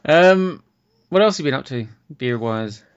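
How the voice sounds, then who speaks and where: A man's voice: mid-range voice, animated, normal speed, clear, resonant tone. A man hosting a casual beer podcast, joking and swearing lightly in banter with his co-host. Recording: dull lo-fi podcast audio.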